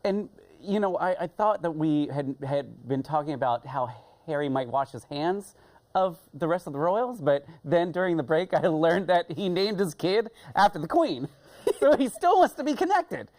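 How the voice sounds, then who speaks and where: A panel guest in casual chat, musing aloud with halting restarts. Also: medium pitch, animated, a little mellow.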